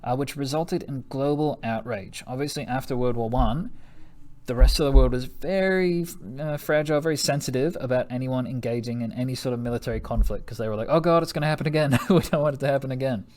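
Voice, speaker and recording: A man's voice: medium pitch, a little fast, darkish tone. Jokey, laughing male history teacher. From United States. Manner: jokey, chatty, laughs often, slangy asides. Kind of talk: recorded classroom lesson.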